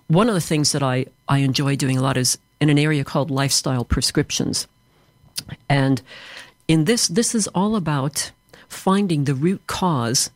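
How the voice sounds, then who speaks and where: A man's voice: a little high, no echo. A man from Chicago with an American accent, answering interview questions in a fluent, explanatory way as an author and trainer. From Chicago, USA.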